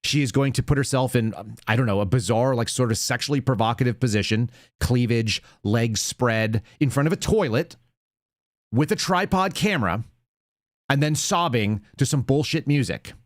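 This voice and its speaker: A man hosts a live commentary show, blunt and openly indignant as he rambles through his points. He's expressive at a moderate pace, and his ordinary mid-pitched voice sounds dry and close, without room echo.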